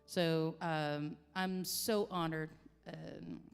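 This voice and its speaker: A woman in her forties talks in a low, smooth voice. She tells her story haltingly and from the heart, with many restarts. The recording carries a long, roomy reverb. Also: fairly even intonation. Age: 40s. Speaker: singer-songwriter guest. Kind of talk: personal storytelling in conversation. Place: coffee shop. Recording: long reverb, echoey room.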